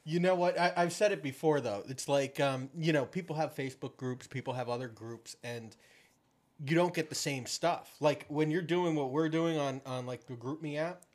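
A man's voice: on the high side, normal speed, darkish tone. A man from New York co-hosting a casual podcast, who tells loose, rambling anecdotes. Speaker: podcast co-host. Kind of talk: casual live chat.

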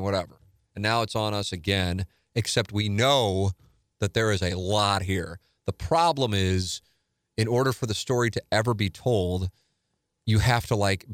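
A man hosting a podcast, talking casually in an animated, rambling way with many fillers. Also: fairly low pitch, no room sound, clean studio sound. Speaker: podcast host. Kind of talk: casual solo podcast talk. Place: studio.

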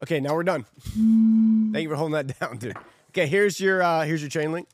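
A man's voice: fairly high pitch, a little fast. A young man co-hosting a casual game show podcast, playful and teasing, laughing often. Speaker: co-host running the games.

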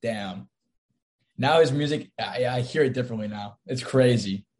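Excitable young man co-hosting a sports chat. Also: medium pitch, moderate pace. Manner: enthusiastic, teasing. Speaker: podcast co-host.

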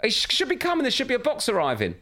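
A man, hosting a casual chat and telling animated stories about his kids. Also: extremely high pitch, very fast. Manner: animated storytelling, puts on his kids' voices. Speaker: podcast host.

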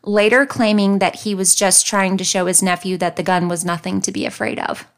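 Woman from the southern US, podcast host, true crime storytelling, mid-pitched, casual and wry. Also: fairly even intonation, brisk. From American South. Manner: conversational, reads facts then comments wryly.

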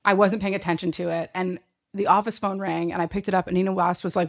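A woman in her thirties, a guest in a casual chat, telling an animated story and acting out quotes with laughs. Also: lowish voice, fast.

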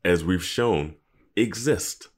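A man co-hosting a podcast, giving wry, animated commentary in casual chat. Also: deep voice, slow. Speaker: podcast co-host.

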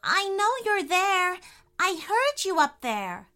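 A woman's voice: extremely high pitch, sing-song, slow pace, sharp tone, voice pushed up, full character voice. A woman voicing a shy, curious little girl who speaks politely and earnestly.

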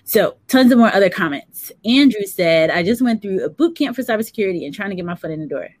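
A woman's voice: medium pitch, lively intonation, quick pace, a little mellow, no room sound. A woman hosting a live career-advice chat, reading out viewer comments and building on her co-host's points. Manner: conversational, adds to co-host's points.

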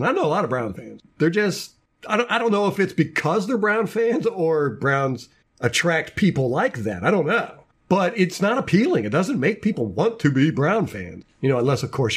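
A man with a slightly husky voice, fairly high for a man, talks on a casual sports podcast. His pitch swings widely as he rants, often stumbling over repeated words and restarts. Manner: animated, ranting, repeats words. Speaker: podcast host.

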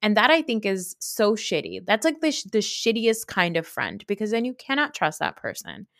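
A woman's voice: mid-range voice, moderate pace, no room sound, clean studio sound. A young adult woman hosting a podcast, recapping a reality show in a blunt, profane, casual rant full of "like.". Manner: blunt, profane, animated ranting with frequent "like". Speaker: podcast host.

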